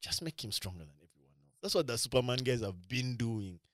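A man chatting casually about films, his voice rising and falling a lot as he tells stories in slang. His sentences often trail off into quiet, low asides. The sound is dry and close, with no room behind him. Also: lively intonation, fairly quick, no room sound. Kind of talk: casual chat about movies.

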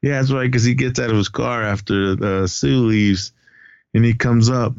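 A man's voice: mid-range voice, fairly even intonation, moderate pace, darkish tone, clear, resonant tone, no echo. A man casually recapping movie scenes with a co-host, swearing freely and laughing at the jokes. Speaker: podcast co-host. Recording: dull lo-fi recording.

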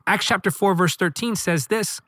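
A man's voice: high-pitched, normal speed, pushed and bright, dry recording. A man preaching a sermon, reading scripture aloud and driving points home with rhythmic, emphatic repetition.

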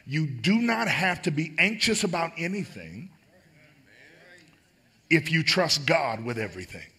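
A man's voice: fairly high pitch, very animated, measured pace, pushed and bright, husky. A man preaching a sermon as pastor, emphatic and building on repeated phrases.

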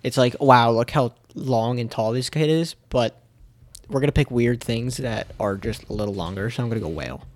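A man's voice: medium pitch, normal speed, no room sound. A man co-hosting a casual podcast, rambling and mocking his friends. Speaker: podcast co-host.

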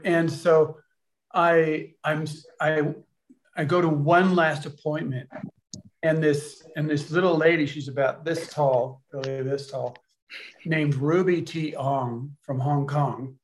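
Male storyteller, slightly high-pitched, casual and halting, rambling delivery. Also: steady tone, a little hiss or hum. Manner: rambling, halting with many restarts. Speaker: storyteller at a gathering.

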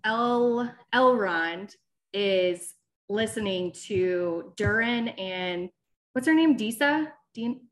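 A woman co-hosting a podcast, telling stories in an animated, exasperated way. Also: medium pitch, takes it slowly. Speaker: podcast co-host. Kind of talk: casual chat.

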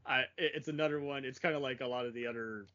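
A man's voice: mid-range voice, quick pace, sharp tone. A man hosting a casual movie chat, rambling with fillers and laughing often. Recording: muffled lo-fi recording.

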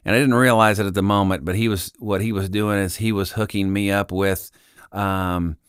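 A middle-aged man from Kansas, a podcast guest telling a story in casual chat, acting out the dialogue with lively voices. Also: on the low side, normal speed, smooth, no room sound, clean studio sound. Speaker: podcast guest, Christian singer-songwriter.

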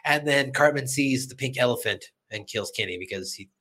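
A man's voice: mid-range voice, brisk, sharp tone. A man hosting a podcast, casually recapping an episode, chatty and laughing as he acts out lines. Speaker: podcast host.

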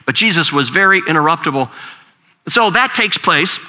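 A man's voice: fairly high pitch, expressive, moderate pace, sharp tone. An older man, a grandfather, preaching a sermon in a conversational storytelling way, often repeating words as he talks. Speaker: pastor.

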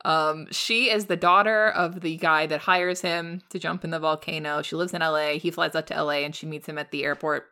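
Lively young woman chatting about movies. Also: low-pitched, brisk, hardly any pauses. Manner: animated, acts out quoted lines, many "like" fillers. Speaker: podcast co-host. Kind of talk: casual film discussion.

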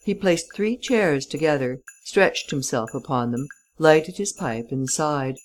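Woman, audiobook narration, deep-set voice, slow, measured. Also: poor audio. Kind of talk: scripted narration of a classic novel.

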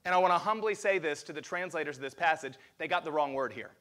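A man preaching a lively sermon as pastor, asking the congregation questions. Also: on the high side, fast.

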